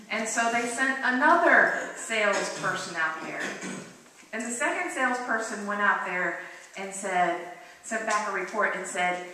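A woman's voice: medium pitch, distant mic, a little hiss or hum. Woman preaching in an echoey church. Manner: conversational, asks the congregation questions; acts out quoted voices with lively shifts. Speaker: pastor. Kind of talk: sermon. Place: church sanctuary.

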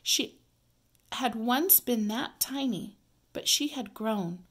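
A woman teacher reading a children's story aloud, clear, expressive and measured. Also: a little high.

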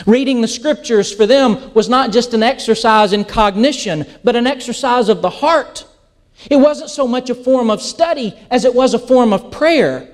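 A middle-aged male pastor delivers a sermon with a high, lively voice that swings widely in pitch. He tells everyday stories and acts out the quoted dialogue. His delivery is animated and conversational.

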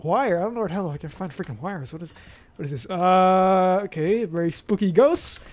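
A male YouTuber narrates his own gameplay in a rambling let's-play, stopping and restarting, using lots of fillers and mild swearing, overheated in a costume in his bedroom. His high-pitched voice has lively intonation and normal speed, with a little hiss or hum.

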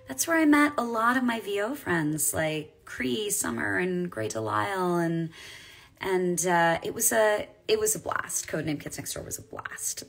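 A woman's voice: on the low side, creaky, pushed and bright. A woman in her forties, a voice actress chatting casually on a live stream while signing autographs and reading fan comments aloud. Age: 40s.

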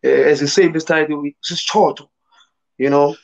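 Hoarse South African man, rambling. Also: on the high side, steady tone, normal speed, highs cut off. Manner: loose and rambling, many fillers like "you know" and "man". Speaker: guest poet. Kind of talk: casual conversation in a virtual panel.

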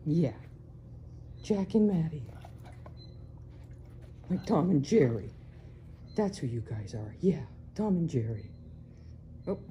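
A woman with a low voice talks to her pets at home, coaxing and gently scolding them. Her pitch swings widely, and she speaks slowly. Steady background noise runs under the recording. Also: highs cut off. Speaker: pet owner. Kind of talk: casual talk to her pets. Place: home indoors.

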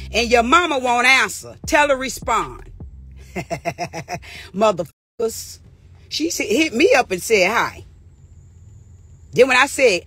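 A woman's voice: high voice, bright, forceful tone, husky. A middle-aged woman livestreaming a profane, taunting rant, drifting into sing-song mockery. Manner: profane, taunting, heated trash talk. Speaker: social media personality.

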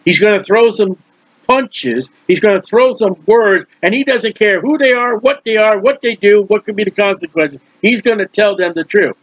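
A man's voice: high voice, fairly bright tone, no room sound. A male preacher teaching from the Bible in a conversational, emphatic way, repeating words for stress and adding folksy asides. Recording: dull, dry lo-fi recording.

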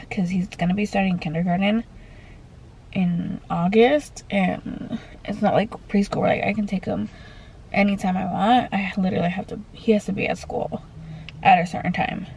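A woman's voice: mid-range voice, husky, poor audio. A young woman vlogging in casual chat, rambling with lots of "like," and out of breath as she talks into a handheld phone camera. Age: young adult.

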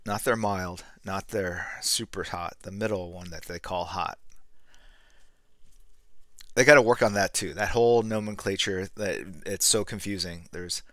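An older man chatting casually on a live art stream, reading comments and rambling, getting loud and worked up then trailing off quietly. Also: sits low, unhurried, no echo, clean studio sound. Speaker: artist streaming while drawing.

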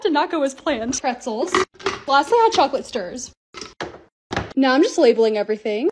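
A woman's voice: high voice, lively intonation, moderate pace, background noise. A young woman narrating her organizing and shopping vlog in a bubbly, chatty way, gushing over cute things. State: hoarse, losing her voice. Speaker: lifestyle vlogger.

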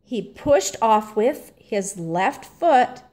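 Slow gentle woman reading a storybook. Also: fairly high pitch, expressive. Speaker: storybook reader. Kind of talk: children's storybook read-aloud.

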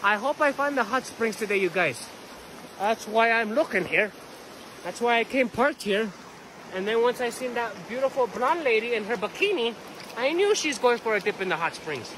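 Speaking at normal speed with lively intonation, a vlogger with an extremely high, pushed and bright voice rambles along outdoor trails. He curses freely, talks right to the camera and calls his audience "you guys," with a little noise in the background.

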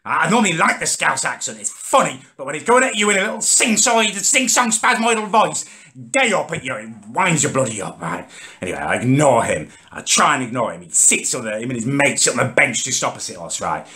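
A man's voice: medium pitch, sing-song, fast, sharp tone. A man, ranting indignantly in a comedic monologue. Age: 30s. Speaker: comedic vlogger. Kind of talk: comedic rant to camera.

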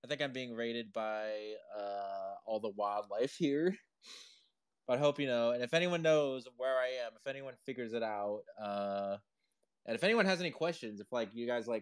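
Casual live-stream chatter comes from a man with a clear, resonant, mid-range voice at normal speed. He wanders from topic to topic, laughing a lot and saying "like" and "uh" often, recorded on a headphone built-in microphone.

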